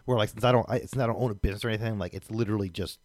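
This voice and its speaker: A man in casual podcast chat, talking haltingly with many fillers and restarts. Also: on the low side, steady tone, a little mellow, no echo. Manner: halting, filler-heavy, lots of "like".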